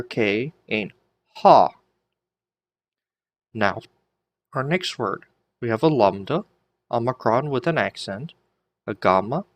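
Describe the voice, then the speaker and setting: A low-voiced man giving a lesson at a very slow, unhurried pace. He patiently sounds out letters and words, poses a question and then answers it himself. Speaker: Greek teacher.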